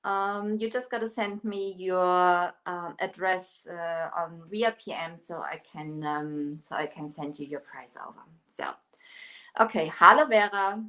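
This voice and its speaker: A middle-aged woman from Germany talks through a furniture painting project on a live stream, her English loose and filled with hesitations. Her voice sits a little low for a woman. She is a native German speaker who greets her viewers as she works. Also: measured pace, sharp tone. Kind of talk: casual live-stream chat and painting demo.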